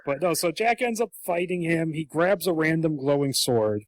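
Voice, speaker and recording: A man's voice: fairly high pitch, lively intonation, moderate pace, no room sound. A man co-hosting a podcast, chatting casually and acting out quotes in comic voices. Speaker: podcast co-host.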